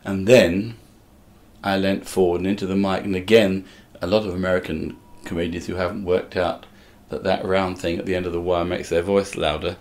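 A man's voice: sits low, flat delivery, moderate pace. An older man from England, a musical comedian, telling wry stories in a casual interview and acting out other people's voices.

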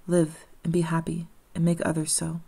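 A woman's voice: low-pitched, flat delivery, brisk, gravelly, dark tone, husky, heavily acted. A woman reading as a resigned condemned young woman. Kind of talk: audiobook reading.

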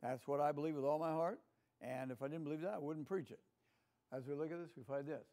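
An older man with a Southern American accent leads a Sunday school Bible lesson in a church classroom. His voice sits a little high and sounds mellow and dark, and he talks in a folksy, chatty way, often asking the room for an amen. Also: quick pace.

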